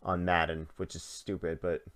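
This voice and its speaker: A man's voice: low voice, flat delivery, normal speed, fairly bright tone. A man hosting a casual gaming podcast, easygoing and full of filler "uh"s. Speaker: podcast host.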